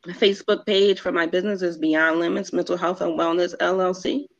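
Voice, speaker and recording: A woman's voice: fairly low pitch, level tone, fairly quick, gravelly. A woman therapist talking casually as an interview guest, chatty and full of little fillers. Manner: chatty, many fillers like "like" and "kinda". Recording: dull lo-fi sound.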